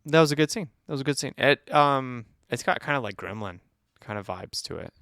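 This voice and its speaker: A man's voice: mid-range voice, expressive, brisk, gravelly, fairly bright tone, dry recording, clean studio sound. A man co-hosting a movie review podcast, chatting casually and teasing his co-host with a playful, laughing manner.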